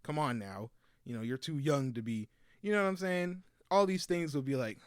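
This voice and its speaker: A man's voice: a little high, moderate pace, smooth, no room sound, studio quality. A young man co-hosting a podcast, telling a story casually and acting out the voices of the people in it. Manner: animated storyteller, acts out quotes in varied voices. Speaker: podcast co-host.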